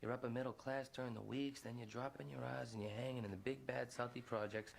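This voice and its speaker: An actor playing a gruff, tough-talking man in a crime film, speaking in a gravelly voice. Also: mid-range voice, fairly even intonation, fast talker. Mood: taunting. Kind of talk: film dialogue.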